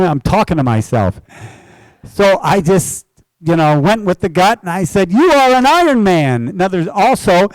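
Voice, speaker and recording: A man's voice: high voice, no echo, low-quality recording. An older man, a race announcer, telling stories to a club audience and acting out the dialogue as he goes. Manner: animated storyteller acting out both sides of dialogue. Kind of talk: storytelling talk. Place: indoor club event.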